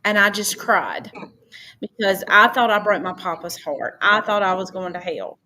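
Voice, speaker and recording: A woman recounts her past as a podcast guest. She is animated and slips into the voices of the people in her story. Her pitch sits in the middle, and a faint background hum runs under her voice. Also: moderate pace. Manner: animated, acts out her own past dialogue. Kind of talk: casual storytelling.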